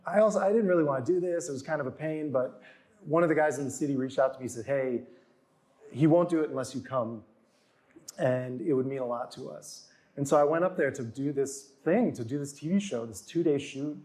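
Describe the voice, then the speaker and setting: A man's voice: fairly high pitch, brisk, darkish tone. A man in his forties telling stories in casual chat, acting out quotes in raised voices. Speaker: author and guest. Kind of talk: casual storytelling.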